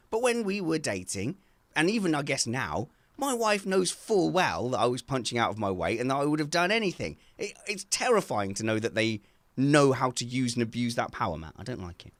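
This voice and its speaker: A man co-hosting a casual chat from home over a video call, telling animated stories and laughing often. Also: mid-range voice, moderate pace, no echo. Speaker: podcast co-host.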